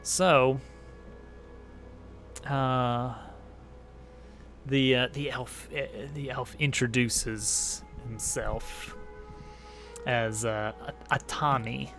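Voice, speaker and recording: A man narrating as game master of a tabletop role-playing game, halting with many fillers and restarts. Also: mid-range voice, flat delivery, fairly bright tone, soft background music.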